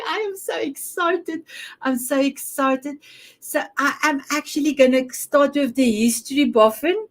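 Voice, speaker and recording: A woman's voice: sits high, unhurried. A woman hosting an online summit over a video call, gushing and effusive with her guests. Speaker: summit host.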